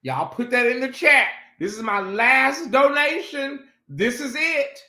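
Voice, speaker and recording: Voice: sits high, animated, a little slow, hardly any pauses, pushed and bright, roomy sound. A livestream host doing sassy, dramatic chat commentary and talking straight to the viewers.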